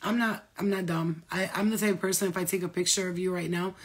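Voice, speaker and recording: A woman talking as a spiritual medium in a casual vlog, rambling, excitable and full of swearing. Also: lowish voice, fast, slightly rough.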